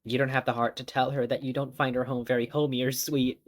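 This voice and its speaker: A man's voice: mid-range voice, flat delivery, fast talker. A young man streaming a visual novel, reading the narration dramatically and breaking into laughing jokes. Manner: playful, giggly, breaks off into laughing asides. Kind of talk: dramatic narration mixed with joking chat.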